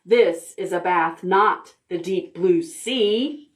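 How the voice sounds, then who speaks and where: A woman voicing a boisterous young pig in a picture book, with a loud, squeaky, cartoonish voice. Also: takes it slowly.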